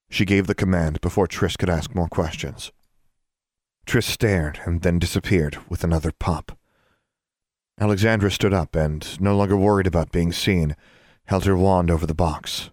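A man reading fiction aloud as narrator in a measured, quietly dramatic way. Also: low-pitched, steady tone, dry recording, studio quality.

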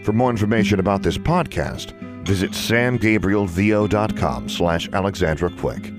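A man narrating a fantasy novel for a podcast in a steady, even reading style. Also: on the low side, moderate pace, over music. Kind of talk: scripted narration.

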